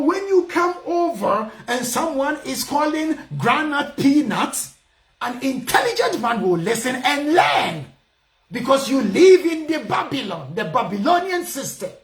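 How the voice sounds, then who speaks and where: A Ghanaian man with a strong Ghanaian English accent hosts a casual call-in radio programme, speaking at a measured pace in an extremely high voice. He lectures in an animated, emphatic way, his pitch swinging widely as he often raises his voice to drive points home. The room sounds echoey.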